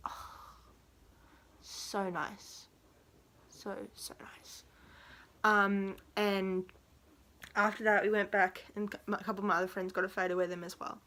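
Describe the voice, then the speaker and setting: A woman's voice: mid-range voice, fairly bright tone. Rambling giggly young woman. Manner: rambling and giggly, full of fillers. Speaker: vlogger. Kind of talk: storytime vlog.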